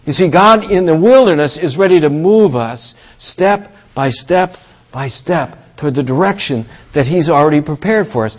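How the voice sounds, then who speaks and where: Man preaching, slightly high voice. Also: animated, normal speed, dull audio. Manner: conversational, asks the congregation questions; acts out voices of Moses and God. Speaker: pastor. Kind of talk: sermon.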